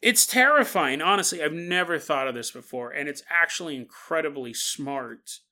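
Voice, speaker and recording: A man hosting a solo podcast, telling a story in an animated way and laughing as he acts out quotes. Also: fairly high pitch, normal speed. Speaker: podcast host. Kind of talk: casual solo podcast monologue.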